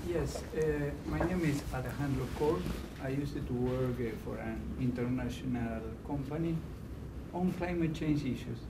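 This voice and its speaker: A man's voice: medium pitch, normal speed. A man in the audience asking a question, hesitant and with non-native phrasing. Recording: distant, roomy, noisy hall sound.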